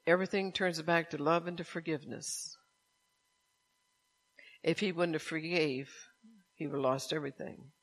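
A man preaches with a slightly high voice. He reads a story aloud, then turns to his listeners with pointed rhetorical questions about forgiveness. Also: fairly even intonation, normal speed, pauses often, a bit bright. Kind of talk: sermon with story reading.

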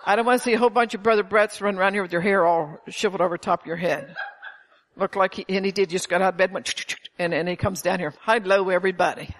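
A woman's voice: mid-range voice, fairly even intonation, fast talker, a bit bright. Older woman preaching, emphatic and chuckling. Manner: emphatic, storytelling, chuckles often. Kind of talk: informal sermon to a small congregation.

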